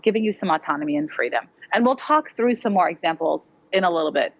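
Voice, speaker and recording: A woman's voice: fairly low pitch, expressive, quick pace, few pauses, poor audio. A middle-aged woman educator giving a conference talk to parents, plain and direct in a chatty way. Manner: direct, conversational, uses fillers like "like". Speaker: educator presenter. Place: conference hall.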